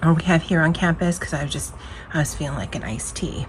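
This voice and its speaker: A woman's voice: low-pitched, quick pace, a little hiss or hum. A woman vlogger casually chatting about her lunch, with many fillers and restarts. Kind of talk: casual lunch diary chat. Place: office at work on campus.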